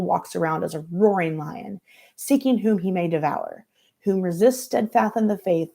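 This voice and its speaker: A woman's voice: mid-range voice, vocal fry, dark tone. A woman voicing a doting, evasive churchgoing mother who coaxes sweetly and quotes scripture. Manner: sweet Southern-style churchy coaxing, quoting scripture.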